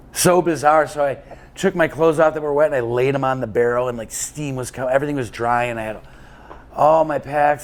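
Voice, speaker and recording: A man being interviewed as an endurance cyclist, telling a long story in a casual, rambling way with plenty of fillers and restarts. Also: mid-range voice.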